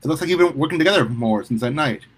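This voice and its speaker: A man's voice: fairly high pitch, expressive, quick pace, slightly rough, pitched above the performer's own voice, rough recording. A man doing a fussing, doting mother. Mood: fussing warmly. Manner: fussing, affectionate, teary. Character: warm, doting middle-aged mother, fretful and proud.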